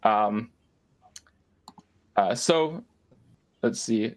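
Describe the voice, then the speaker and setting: A man's voice: on the low side, drawn-out words. A man narrating as game master of a tabletop game, with frequent fillers and restarts. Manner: hesitant, many fillers and restarts.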